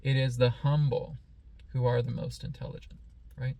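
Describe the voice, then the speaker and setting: A man speaks as a spiritual teacher in a slow, calm, meditative way. His voice is gravelly and keeps an even, level pitch. He talks in a reflective, teaching manner. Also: no echo. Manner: playfully mimics excited voices.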